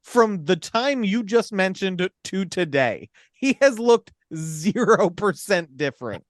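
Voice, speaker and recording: A man's voice: sits high, sing-song, slow, no room sound, clean studio sound. A man co-hosting a casual film podcast, talking emphatically with swearing and laughs while recapping a plot. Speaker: podcast co-host.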